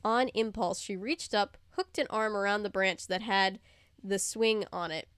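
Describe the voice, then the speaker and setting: A woman hosting a casual read-aloud of a novel, animated and chatty with asides, sometimes stumbling over words. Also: mid-range voice, measured pace, clean tone, no echo. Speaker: host reading a novel aloud.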